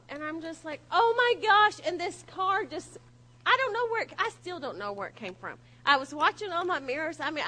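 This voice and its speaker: A woman preaching a humorous sermon, telling stories in an animated, self-mocking way. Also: sits high, low-quality recording.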